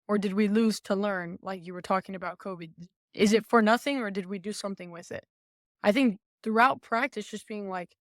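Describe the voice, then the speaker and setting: A young woman, a former college volleyball player, talking as a podcast guest in an outgoing, animated way, acting out quoted remarks. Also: mid-range voice, no room sound, clean studio sound. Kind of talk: casual podcast conversation.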